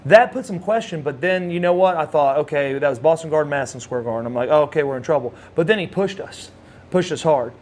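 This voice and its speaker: A middle-aged former wrestler with a Southern US accent tells rambling anecdotes as a guest in a casual interview, restarting phrases and laughing now and then. He talks fast, his voice on the high side with a darkish tone, and there's a little hiss or hum.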